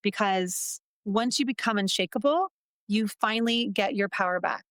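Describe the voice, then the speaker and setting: A woman's voice: mid-range voice, moderate pace, fairly bright tone, dry recording. A woman guest on an interview podcast, talking earnestly about her life as an entrepreneur and coach and repeating phrases for emphasis. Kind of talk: casual interview talk.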